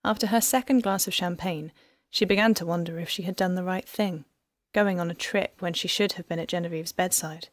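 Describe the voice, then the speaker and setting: A woman narrating an audiobook in an even, measured storytelling manner. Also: lowish voice, no echo, studio quality. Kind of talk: scripted narration.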